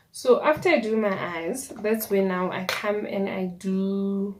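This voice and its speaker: A woman's voice: mid-range voice, huge pitch swings, slow pace, slight background noise. A young woman with a South African accent, telling her story casually while doing a makeup tutorial, dropping in Sesotho words and playful asides. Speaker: YouTuber.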